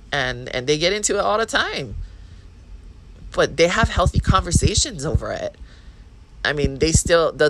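A woman's voice: low-pitched, noisy background. Blunt, profane woman with a Hawaiian Pidgin accent. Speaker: podcast host. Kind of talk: casual monologue.

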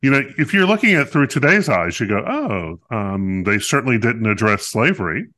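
A man's voice: mid-range voice, lively intonation, fairly quick, sharp tone. A man co-hosting a podcast, reviewing a musical in casual chat, talkative and playful with many fillers.

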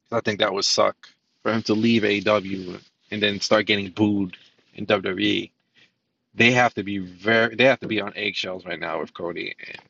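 A man with a low, gravelly voice hosts a solo podcast in a loose, rambling way. He restarts sentences, fills pauses with ums and swears offhandedly. The sound is muffled and lo-fi. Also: bright, forceful tone. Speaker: podcast host. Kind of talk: solo casual podcast commentary.

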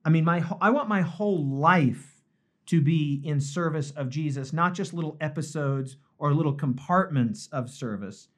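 Streamed live online, this devotional discussion features a male pastor whose fairly high voice moves at a moderate pace. Earnest and reflective, he frequently says phrases again to stress them.

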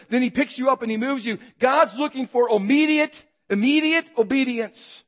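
A man preaching a sermon, asking the congregation rhetorical questions and acting out calls and shouts. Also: very high voice, moderate pace, few pauses, in a large hall. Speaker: pastor.

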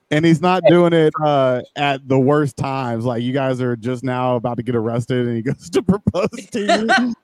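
A man's voice: medium pitch, lively intonation, normal speed, no room sound. A man co-hosting a podcast, rambling and cursing, laughing through his own jokes. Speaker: podcast co-host. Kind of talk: casual chat.

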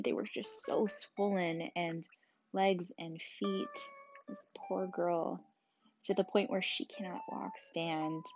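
A tired young mother talking candidly and emotionally, swearing often, speaking quietly as her child sleeps beside her. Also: sits low, muffled recording. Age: young adult. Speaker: mother vlogging about her sick child. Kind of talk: casual personal vlog.

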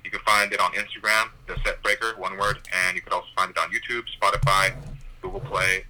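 A young man chats as a podcast guest with a bright, cutting tone. He tells lively stories, swears freely and laughs often. His voice comes over a phone-like line. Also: low voice, fast, a little hiss or hum. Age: young adult. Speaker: comedian guest. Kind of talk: casual podcast chat.

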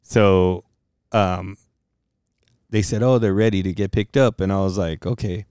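A man with a fairly low, smooth, resonant voice tells a story in casual chat and swears freely. He acts out his own angry outbursts as he goes. The sound is close and dry. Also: fairly even intonation, unhurried, a little mellow, no echo. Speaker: podcast co-host.

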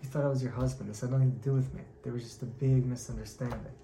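A man teaches a Torah class, telling the story with animated acted-out quotes. His voice is gravelly and mellow. The room echoes around him, with a faint hum of noise behind. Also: mid-range voice, quick pace.

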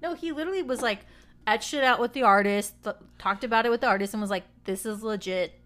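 A woman guest on a podcast, telling stories in an animated, casual chat. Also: on the high side, quick pace. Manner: chatty, animated storyteller.

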